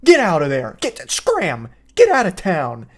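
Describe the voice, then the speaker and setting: A man's voice: sits high, wildly swooping pitch, unhurried, full character voice. A man voicing a stern woman scolding a demon like a disappointed parent.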